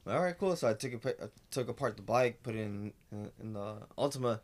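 A man telling his side of the story in casual chat, lively and profane. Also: mid-range voice, fast.

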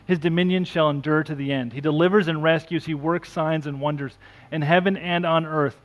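A male pastor delivers an earnest sermon with a slightly higher-pitched voice. He reads scripture aloud and swings between emphatic, raised lines and quiet, hushed ones. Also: fairly even intonation, a little fast, muffled recording. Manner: earnest preaching, rising for emphasis then dropping soft; self-deprecating asides.

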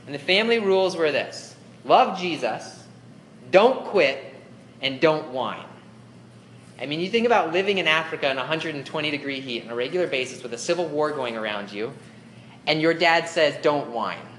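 A man's voice: mid-range voice, fairly bright tone, a little hiss or hum. Young male youth pastor, chatty sermon delivery, roomy echo. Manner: casual, conversational preaching with fillers; acts out whiny grumbling voices. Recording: echoey room with faint ambience.

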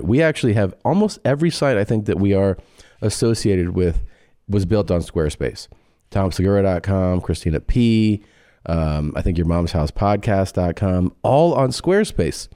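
A man's voice: low voice, dark tone, no room sound, studio quality. A man co-hosting a comedy podcast, reading sponsor ads in a jokey, offhand, rambling way. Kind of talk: casual ad read.

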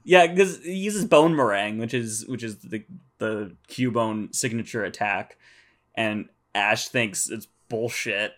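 A man's voice: lowish voice, measured pace, a bit bright. A man co-hosting a casual podcast, recapping episodes with nerdy attention to detail. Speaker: podcast co-host.

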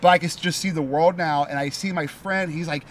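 A man's voice: fairly high pitch, steady tone, brisk, a little hiss or hum. A man in a casual podcast chat telling a rambling, profanity-filled story full of "like". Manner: rambling, swearing, many likes. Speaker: podcast guest.

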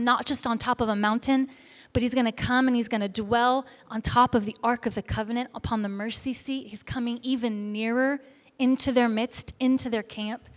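A woman preacher delivering a sermon, telling a story in a lively, animated way and acting out the voices of the people in it. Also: fairly high pitch. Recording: echoey hall reverb.

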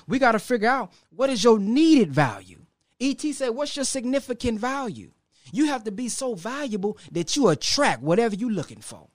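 Male motivational speaker, high voice, dry close mic, preacherly with dramatic pauses. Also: no room sound. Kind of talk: motivational talk to a live audience.

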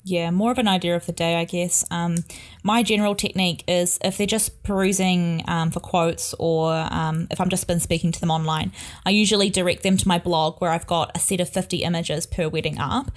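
A woman's voice: fairly low pitch, steady tone, brisk. A young adult woman, a wedding photographer, chatting casually with many fillers and laughs. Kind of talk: casual podcast chat.

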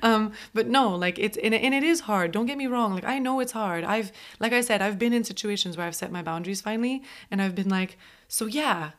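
A woman's voice: mid-range voice, quick pace, few pauses, a bit bright. A woman hosting an advice talk show, speaking in an earnest, emphatic way and often saying "like". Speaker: podcast host.

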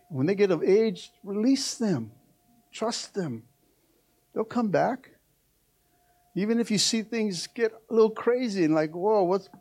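A middle-aged male pastor preaching a sermon to his church, swinging from shouted exhortation to a quiet, close tone. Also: high voice. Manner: preaching with rising shouts, then dropping to a hushed, intimate tone. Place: church sanctuary.

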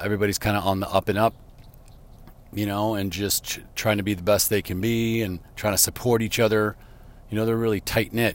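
Man, 30s, lowish voice, reflective commuter vlog, loose and filler-heavy, faint car hum behind. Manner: rambling, thoughtful, many fillers. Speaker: vlogger. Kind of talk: casual reflective monologue. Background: vehicle road noise.

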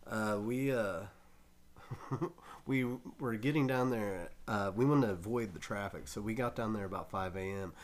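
A man's voice: lowish voice, unhurried. A man casually telling a long, profane anecdote, often laughing as he talks. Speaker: storyteller on a talk show.

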